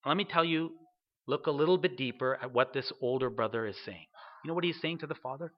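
A man's voice: mid-range voice, fast talker, highs cut off. A man preaching a sermon, reading scripture aloud and putting questions to his listeners. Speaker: pastor.

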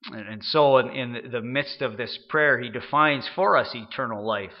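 A man giving an unscripted sermon, halting often and repeating words as he goes. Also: medium pitch, lo-fi sound. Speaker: preacher.

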